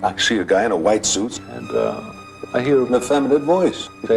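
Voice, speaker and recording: A man's voice: lowish voice, huge pitch swings, moderate pace, vocal fry, darkish tone, faint music behind. A man telling a true ghost anecdote in a dramatic, conversational way. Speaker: guest storyteller.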